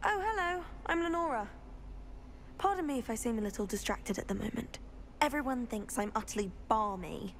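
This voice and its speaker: Game character: a chatty, curious schoolgirl, fairly high voice, faint hiss behind. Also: expressive, moderate pace. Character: inquisitive young female student. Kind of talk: video game character dialogue.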